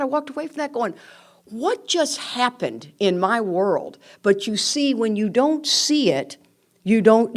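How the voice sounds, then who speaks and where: Older woman speaker at a recovery meeting, candid and animated, acts out her stories. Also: medium pitch.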